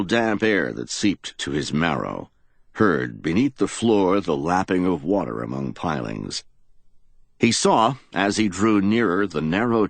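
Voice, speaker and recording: A man's voice: low voice, vocal fry, dry recording. A man narrating a hardboiled crime audiobook in a dramatic storytelling manner.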